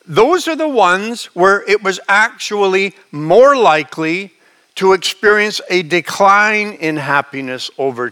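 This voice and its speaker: A man's voice: high-pitched, pushed and bright. A male pastor giving a sermon in a conversational, folksy manner with chuckling asides.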